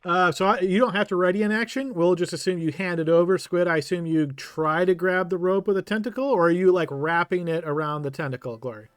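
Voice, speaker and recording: A man's voice: sits high, a little fast, few pauses, smooth, dry recording, studio quality. A man running a tabletop game as game master, patiently explaining rules and thinking aloud.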